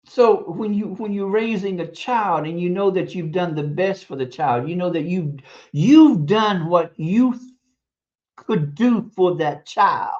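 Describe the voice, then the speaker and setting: This is a stream host with a middle-pitched voice, delivering a preachy, emphatic monologue about raising kids. The speaker repeats words for stress and chuckles now and then. The audio is muffled, like a lo-fi stream capture. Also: unhurried, darkish tone. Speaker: teacher. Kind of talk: casual advice monologue on parenting.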